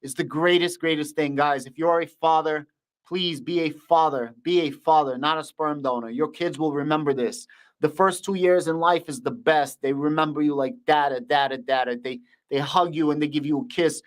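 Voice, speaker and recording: A man's voice: on the high side, steady tone, normal speed. A young man with a Russian accent hosting a casual livestream, talking bluntly and repeating his thank-yous. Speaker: livestream host.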